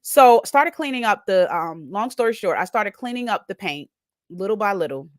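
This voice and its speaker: Woman host, mid-pitched, animated storyteller who acts out her inner thoughts, dry sound. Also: normal speed, no echo. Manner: frequently adds "right?" tags. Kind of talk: personal storytelling talk.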